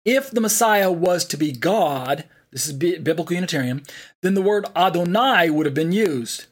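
Man teaching Bible study, halting reader. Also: high-pitched, lively intonation. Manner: reads aloud with frequent fillers and restarts. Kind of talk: online Bible study lecture.

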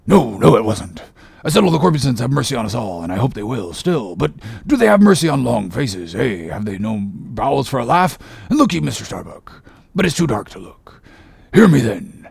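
A jovial, salty sailor, as a male reader puts him on jokes in a gravelly, husky voice. His speech is quick and rough, and his pitch swings widely. It sounds close and dry, like a storybook reading. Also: big pitch swings, darkish tone, no room sound, full character voice. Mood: joking. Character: jovial rough sailor, adult man, joking.

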